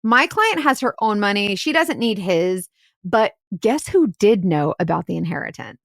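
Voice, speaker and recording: A woman's voice: normal speed, creaky, no echo, clean studio sound. A woman co-hosting a podcast, telling a case story in casual chat with lots of "like" and "right?". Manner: animated storyteller, acts out quotes in shrill outbursts, many "like"s and "right?"s. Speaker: podcast co-host and private investigator.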